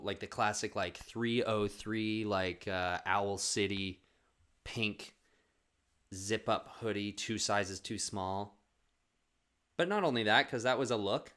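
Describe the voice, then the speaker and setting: A man's voice: fairly low pitch, fairly bright tone, smooth. A man hosting his own podcast, telling a funny family story in a rambling casual way, swearing and saying "like" a lot. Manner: rambling, swears, says "like" often. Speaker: podcast host.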